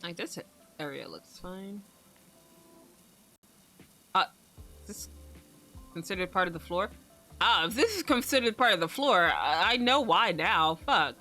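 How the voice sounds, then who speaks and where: A woman's voice: fairly low pitch, big pitch swings, unhurried, long pauses, pushed and bright, faint music behind. A young woman streaming, chatting casually in a rambling way, swearing freely and laughing often. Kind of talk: casual livestream chat.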